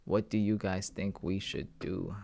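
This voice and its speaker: Young guy on a trading livestream, chill, thinking out loud, keeps saying bro to chat. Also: deep voice, measured pace, vocal fry. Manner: thinking aloud, talks to chat with "guys" and "bro". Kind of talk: casual live commentary.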